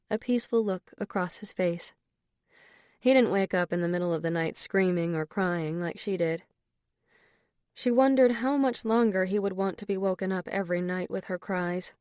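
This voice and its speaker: A woman's voice: on the low side, a little mellow, clear, resonant tone, no echo. Woman narrating an audiobook, dry and close.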